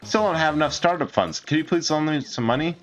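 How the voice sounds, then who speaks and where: A man doing a squeaky, excited prospector hustler. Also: lightly acted. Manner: excitable, fast salesman pitch. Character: eager young male get-rich-quick prospector.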